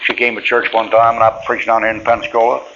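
This middle-aged male preacher speaks fast in a lowish, sharp-toned voice with completely flat delivery, though his church stories are folksy and plainspoken and punctuated by frequent chuckles. It's on dull lo-fi tape carrying faint hiss.

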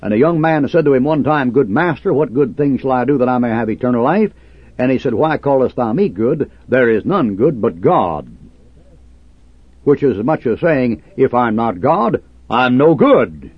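Combative male preacher, husky and animated, on a dry, lo-fi recording. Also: mid-range voice, moderate pace, dry recording. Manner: combative, sarcastic, preaching in old King James cadence. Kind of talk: fiery fundamentalist sermon.

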